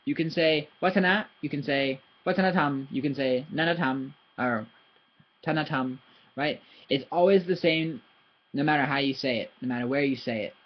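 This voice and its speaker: Chatty male language teacher, lo-fi. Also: medium pitch. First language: English. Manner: animated, chatty, drawn-out demonstrations of syllables. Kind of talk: casual video lesson. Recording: slightly dull lo-fi recording.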